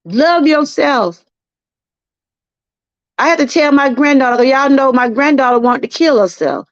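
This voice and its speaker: Middle-aged Southern woman, high voice, earnest preachy live-stream testimony, dry muffled lo-fi sound. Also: unhurried, dry recording. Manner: earnest, preachy, repeats herself, talks to chat. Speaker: channel host.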